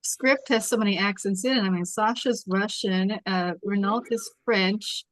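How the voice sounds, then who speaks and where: A woman's voice: medium pitch, steady tone, moderate pace, dry recording, low-quality recording. A woman leading a casual video call, organizing the group and reassuring everyone in a talkative way. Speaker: table read organizer.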